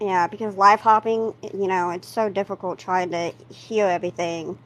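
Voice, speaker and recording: A friendly woman chats on a live stream in a middle-pitched voice, greeting viewers by name. Faint background noise sits under her voice. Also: steady tone, normal speed, poor audio. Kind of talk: casual group chat on a live stream.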